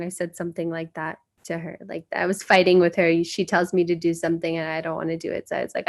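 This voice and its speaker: With a fairly low pitch and flat delivery, an American guest speaker talks fast with few pauses. She earnestly relates personal memories, acting out the voices she quotes.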